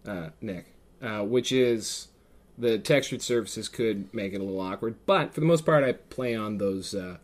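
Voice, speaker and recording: A man's voice: fairly low pitch, normal speed. A man hosting a podcast in casual chat, rambling with dry sarcastic asides. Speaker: podcast host.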